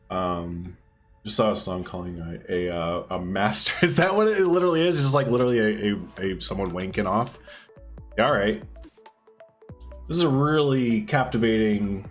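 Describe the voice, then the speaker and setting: A man streaming live, chatting casually with viewers as he builds, rambling and laughing often while answering their messages. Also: on the low side.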